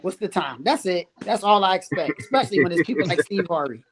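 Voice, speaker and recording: A man, a referee guest on a casual podcast, telling stories in an animated, exasperated way and laughing through them. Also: sits high, fast, crowd noise. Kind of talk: casual storytelling chat.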